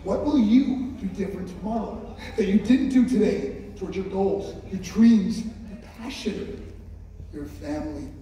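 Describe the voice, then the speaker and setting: A man's voice: high voice, lively intonation, measured pace, dark tone, slight background noise. A man giving a motivational speech to a school assembly, telling his story with emphasis and speaking straight to the audience. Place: large hall with an audience. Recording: echoey hall from far off.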